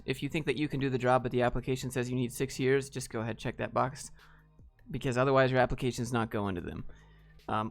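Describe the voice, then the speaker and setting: A man's voice: medium pitch, a bit bright. A man hosting a casual livestream, answering viewer questions bluntly and with jokes. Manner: blunt, joking, talks straight to viewers.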